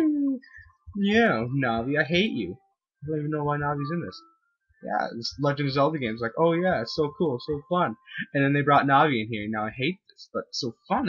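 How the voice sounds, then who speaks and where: A man giving let's-play commentary, excitable, whooping and yelling at the game in a husky voice. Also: on the high side, dull audio. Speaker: gamer playing a video game.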